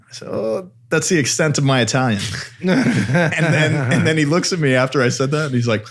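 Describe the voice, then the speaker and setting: A man's voice: fairly high pitch, brisk. A man co-hosting a podcast, telling a story in a casual chat and acting out the voices of people in it. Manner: animated storyteller, acts out voices. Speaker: podcast co-host.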